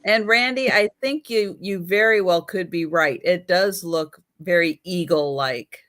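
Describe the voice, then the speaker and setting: A woman's voice: fairly low pitch, a bit bright. A woman hosting a live online sale, calling out bids and patiently explaining each item. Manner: slow, patient, explaining items. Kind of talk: live-stream auction chat.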